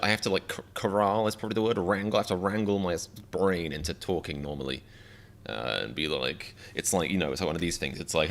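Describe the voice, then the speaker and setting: A man streaming live reactions, rambling and self-mocking with quick jokes. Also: low-pitched, a bit bright.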